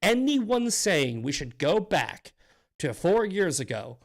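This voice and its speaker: A man hosting a live commentary stream with a slightly raised pitch. He talks in a fired-up, profane way and stumbles into frequent restarts. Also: very animated, slow pace. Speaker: host.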